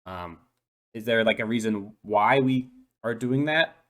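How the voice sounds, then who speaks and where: Man doing a stammering young dolphin boy, low-ish voice, hesitant and earnest, tabletop role-play. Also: a little slow, a bit bright. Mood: shy, earnest. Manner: hesitant, full of ums and restarts. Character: shy eight-year-old dolphin boy.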